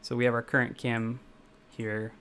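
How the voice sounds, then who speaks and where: A man's voice: mid-range voice, flat delivery, moderate pace, a bit bright, a little hiss or hum. A young man from the Midwestern United States, chatting casually with viewers as he codes on a live stream, rambling and correcting himself as he goes. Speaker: game developer streaming live. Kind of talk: casual live-stream chat while coding.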